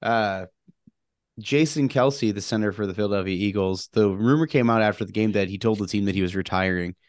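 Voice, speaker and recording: A man's voice: on the low side, brisk, no room sound, studio quality. A man co-hosting a casual podcast, rambling and joking with frequent laughs. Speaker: podcast co-host. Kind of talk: casual chat.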